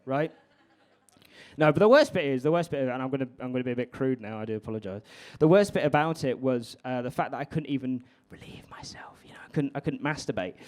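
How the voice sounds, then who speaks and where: Brash, sweary comedian. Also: male voice, on the high side. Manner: brash, sweary, chatty with the crowd. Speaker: stand-up comedian. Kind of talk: stand-up comedy set. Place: live comedy venue with an audience.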